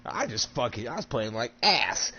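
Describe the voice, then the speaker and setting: A man chatting casually while gaming, animated and profane, laughing often. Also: mid-range voice, moderate pace, vocal fry, muffled recording, slight background noise.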